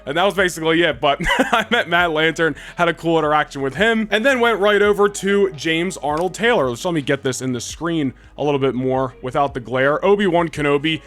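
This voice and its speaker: A man in his twenties telling a rambling, excitable story to camera as a vlogger, full of restarts. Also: on the high side, brisk, faint music behind.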